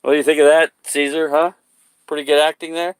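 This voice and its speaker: A man's voice: fairly high pitch, little pitch movement, quick pace, smooth, dry recording. A man chatting casually for his vlog, rambling loosely, swearing and laughing at his own jokes. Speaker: vlogger.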